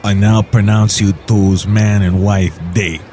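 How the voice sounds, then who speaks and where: A man voicing a goofy fellow who claims a Norwegian accent and ends his lines with a drawn-out tag. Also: lowish voice, a little hiss or hum, pitched below the performer's own voice. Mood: solemn. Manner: deadpan with odd sing-song tag.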